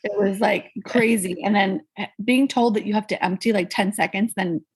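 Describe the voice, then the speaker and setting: Woman guest, husky voice, lively storyteller who mimics quoted people. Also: moderate pace. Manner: animated, acts out quoted people with pitch jumps. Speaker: podcast guest. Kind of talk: casual conversational storytelling.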